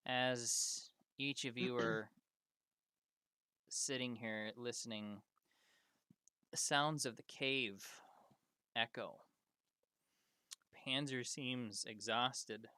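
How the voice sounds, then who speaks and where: A man serving as game master, narrating a tabletop role-playing game in slow, drawn-out descriptive narration. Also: mid-range voice, fairly even intonation, pushed and bright, clear, resonant tone, no echo.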